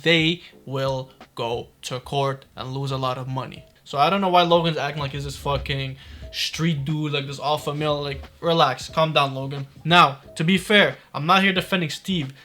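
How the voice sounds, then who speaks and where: A man talks through online drama in a casual commentary, blunt and full of swearing. His voice is bright and sits a little high. He speaks in quick bursts. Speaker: commentary youtuber.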